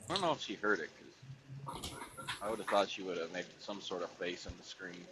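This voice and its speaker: Deep-voiced man on a noisy call line. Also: fairly even intonation, a little fast. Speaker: group chat participant. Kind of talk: casual chat on a video call.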